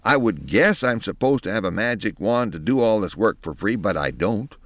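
A man's voice: on the low side, animated, moderate pace, a bit bright, dry recording. A man reading aloud, voicing a cranky, impatient old fairy godmother who insults and threatens. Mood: grumbling.

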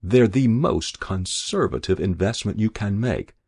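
A man's voice: lowish voice, lively intonation, a little slow, vocal fry, a little mellow, slightly rough, no echo. A man reading a first-person story aloud in a wry, dry storytelling manner. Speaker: narrator. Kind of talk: audiobook narration.

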